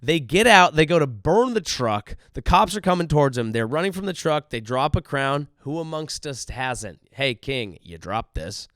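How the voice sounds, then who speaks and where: A man's voice: a little high, big pitch swings, moderate pace, hardly any pauses, fairly bright tone, no room sound, studio quality. A male comedian hosting his own show, telling a profane, riffing story as a monologue from a hotel room. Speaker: comedian host.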